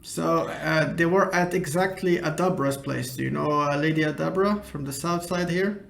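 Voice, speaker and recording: Gravelly guy player, kinda high voice, hesitant, echoey room w faint noise. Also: normal speed, a bit bright. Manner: hesitant, fumbling for words. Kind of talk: casual in-character play.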